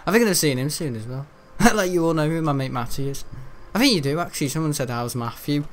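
A man's voice: on the high side, animated, fast talker. A teenage young man giving rambling, chatty let's-play commentary while he plays, often laughing. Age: teens. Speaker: gaming video host.

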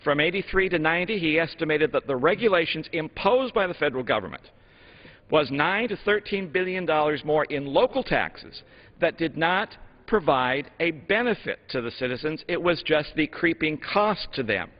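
A man, a congressman, giving a measured floor speech full of historical examples in a legislative chamber. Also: fairly high pitch, lively intonation. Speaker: congressman from Utah. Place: House chamber. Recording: dull broadcast audio in a long-reverb chamber.

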